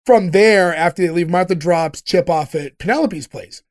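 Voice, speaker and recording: A man with a notably high speaking voice walks through an episode scene by scene. He is chatty and breaks into laughter often. The talk is casual and unscripted. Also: moderate pace. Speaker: podcast host recapping a TV episode. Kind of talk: casual chat.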